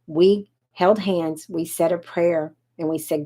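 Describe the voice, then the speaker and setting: This is a woman in her fifties coaching an online audience during a livestream. Her voice sits slightly low, and she talks in a chatty, direct way. She often stops to answer viewers by name. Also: fairly even intonation, takes it slowly, mellow. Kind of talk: casual livestream pitch.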